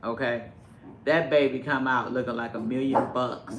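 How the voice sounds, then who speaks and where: A man vlogging in casual chat at home, animated and profane, with sudden loud outbursts. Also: medium pitch, normal speed, roomy sound, soft background music. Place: home indoors with pets.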